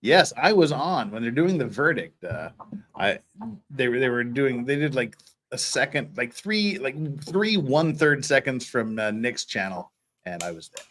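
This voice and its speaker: A man's voice: mid-range voice, big pitch swings, normal speed, a bit bright, a little hiss or hum. Rambling, stammering male streamer. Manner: rambling, stammering, swears casually. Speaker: host. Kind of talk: casual livestream chat.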